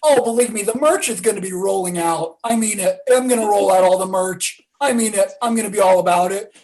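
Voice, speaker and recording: A man playing a brash, insulting comedy host who roasts his guests in a high, mocking voice. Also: fairly quick, a little mellow. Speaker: comedy show character. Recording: noisy background.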